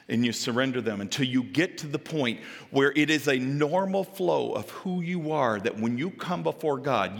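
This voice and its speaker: A male pastor preaching a sermon, animated and dramatic, swinging from loud exclamations to hushed asides. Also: medium pitch, creaky. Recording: echoey hall with long reverb.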